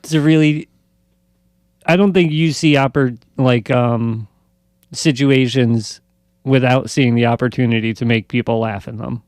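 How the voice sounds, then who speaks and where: A man hosting a casual chat, halting, with many fillers and frequent laughs. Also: mid-range voice, steady tone, a little mellow, dry recording, clean studio sound. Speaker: podcast host.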